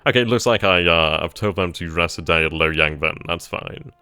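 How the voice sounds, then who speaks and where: A man thinking aloud as he plays a strategy game, trailing off mid-sentence and bursting into giddy excitement at good news. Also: low voice, moderate pace, clear, resonant tone, no room sound, soft background music. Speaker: let's play gamer.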